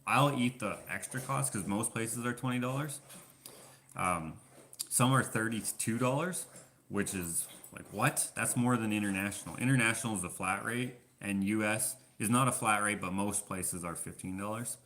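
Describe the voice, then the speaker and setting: A man's voice: fairly low pitch, moderate pace, a bit bright, a little hiss or hum. A man from Canada chatting casually in a question-and-answer vlog, telling rambling stories full of fillers. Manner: rambling storyteller, many fillers. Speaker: vlogger.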